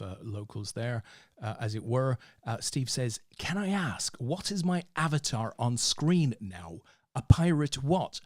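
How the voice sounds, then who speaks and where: A man's voice: medium pitch, darkish tone, no room sound, clean studio sound. A man hosting a casual poker show, joking and reading out viewer messages with many fillers. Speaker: host. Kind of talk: casual podcast chat.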